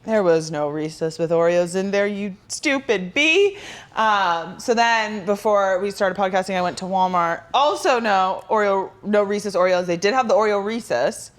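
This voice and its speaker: A young woman chats casually as a podcast co-host. She talks freely, jokes and laughs often, with a voice of middling pitch. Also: moderate pace, hardly any pauses. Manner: chatty, laughs often, jokey asides. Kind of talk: casual chat.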